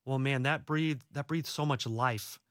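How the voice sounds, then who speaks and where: A man's voice: mid-range voice, a little slow, a bit bright, no echo, clean studio sound. A young adult man, an author and guest, talking earnestly and reassuringly in a casual faith-based interview, often restarting his words.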